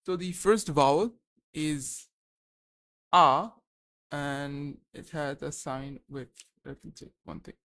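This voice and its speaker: A young man on a live study stream, thinking aloud and slowly sounding out syllables, pausing to check himself. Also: a little high, no echo. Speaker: language learner streaming study session.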